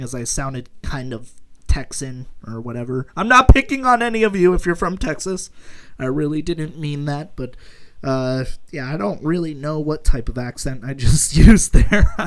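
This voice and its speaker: Rambling, laughing young man with a higher voice. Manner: rambling, laughing often, joking. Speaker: gaming YouTuber. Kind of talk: casual commentary over gameplay.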